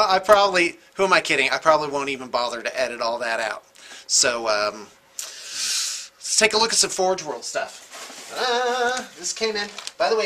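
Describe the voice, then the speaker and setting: A man hosting a casual show-and-tell vlog from his painting studio, excitable and rambling, chuckling as he goes. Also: high-pitched. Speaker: host of a miniature painting studio channel.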